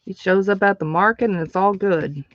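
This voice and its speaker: A woman's voice: mid-range voice, normal speed, dry recording, highs cut off. A woman hosting a live stream, chatting casually with viewers while she crafts, laughing often.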